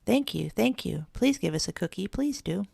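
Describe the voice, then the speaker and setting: A woman voicing three small hungry kittens in a high, pleading sing-song storybook voice. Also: animated, moderate pace, creaky, dark tone, slightly rough, dry recording, studio quality, full character voice. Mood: eager.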